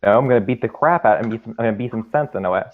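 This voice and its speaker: A man playing a tabletop game, excitable, often restarting his sentences. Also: fairly low pitch, very fast. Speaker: player. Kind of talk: casual tabletop play. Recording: phone-like thin audio.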